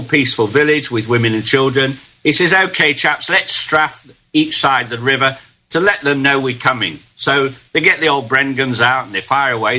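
An older man from Britain recounts his memories as an interview guest, earnest and reflective, often pausing and restarting. His voice is bright and forward in tone at an ordinary pitch. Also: low-quality recording. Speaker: guest, veteran. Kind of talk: casual storytelling in an interview.

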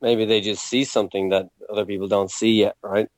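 A man's voice: lowish voice, fairly quick, no room sound. A man, a comedian chatting casually and acting out bits. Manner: animated, acts out bits. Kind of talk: casual podcast chat.

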